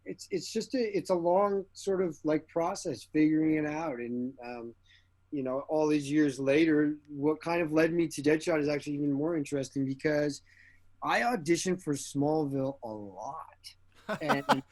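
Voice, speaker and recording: Animated man telling stories, slightly high. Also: normal speed. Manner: animated, acts out quoted dialogue, laughs often. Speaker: actor guest. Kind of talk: casual interview storytelling.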